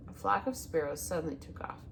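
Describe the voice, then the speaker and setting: A woman reading a children's novel aloud as narrator, with an expressive, animated delivery. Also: low voice, fast, creaky, a little hiss or hum. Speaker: audiobook reader. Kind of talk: storybook read-aloud narration.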